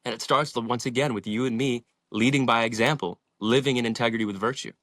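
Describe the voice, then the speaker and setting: A man's voice: medium pitch, steady tone, fast talker, a bit bright, no echo, clean studio sound. Passionate young man telling his story. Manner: passionate, inspirational, swears freely. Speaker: podcast guest. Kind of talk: casual storytelling in an interview.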